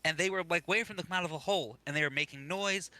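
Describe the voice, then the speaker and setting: A man's voice: a little high, rapid-fire, pushed and bright, no echo. A man playing in a tabletop game, chatty and teasing, laughing often. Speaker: player. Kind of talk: casual tabletop game chat.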